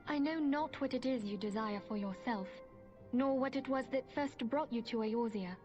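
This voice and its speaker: A woman's voice: a little high, close to an everyday voice. A woman playing a solemn learned mage. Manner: formal, measured, archaic phrasing. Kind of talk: voiced game cutscene. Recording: muffled game audio with soft music.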